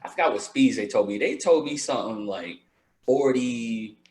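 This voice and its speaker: Lively man in echoey podcast banter. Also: mid-range voice, moderate pace. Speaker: podcast co-host. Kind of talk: casual podcast chat.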